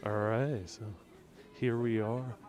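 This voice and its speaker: A man's voice: mid-range voice, level tone, slow, a little mellow, slight background noise. A man hosting a live walking tour outdoors on city streets, joking with viewers and reading out their chat comments into a clip-on mic. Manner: playful, jokey, reads out chat comments. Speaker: livestream walking tour host. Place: outdoors on city streets, then inside a small discount store. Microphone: wireless clip-on mic, phone on gimbal.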